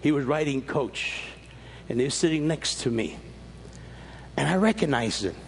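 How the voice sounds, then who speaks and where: A man preaching a sermon, telling stories animatedly with emphatic rises and frequent restarts, his voice husky. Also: medium pitch, lively intonation, normal speed, a little hiss or hum. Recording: long reverb of a large hall.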